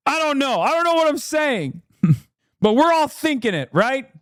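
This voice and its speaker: Guy on a live stream, kinda high voice, swearing and going "wait, what?" at everything, dry close mic. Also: big pitch swings, measured pace, fairly bright tone, no echo. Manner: profane, incredulous, ranting. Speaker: streamer reacting to news. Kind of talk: live-stream political commentary.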